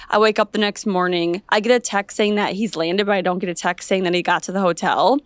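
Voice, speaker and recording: Young female podcast co-host, lively storyteller, dry close mic. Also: mid-range voice, fast talker, hardly any pauses, no room sound. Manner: animated storytelling, acts out her own quoted lines. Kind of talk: casual chat.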